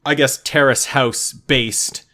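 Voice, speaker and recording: A man co-hosting a relaxed podcast, his voice sitting right in the middle of the usual range. He talks in an easygoing, agreeable way, full of filler words. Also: medium pitch, a little slow. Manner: easygoing, agreeable, lots of "like" and "yeah". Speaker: podcast co-host. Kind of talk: casual chat.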